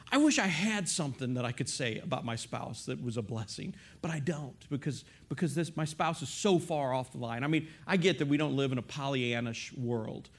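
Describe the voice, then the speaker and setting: A middle-aged male pastor preaching a sermon in an animated storytelling manner, acting out bits of dialogue. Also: a little high.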